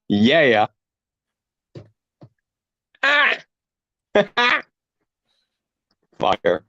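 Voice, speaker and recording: A man's voice: fairly high pitch, big pitch swings, normal speed, a bit bright, no room sound, muffled recording. A man joking around as a guest on a casual stream, laughing often, teasing, and swearing freely. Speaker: show guest.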